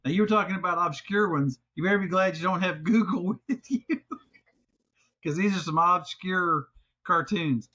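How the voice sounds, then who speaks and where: A man, hosting a podcast and telling a story in a lively, profane way. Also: high-pitched, moderate pace. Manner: animated, swearing, laughing storyteller. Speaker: podcast host. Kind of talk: casual storytelling chat. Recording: dull lo-fi sound.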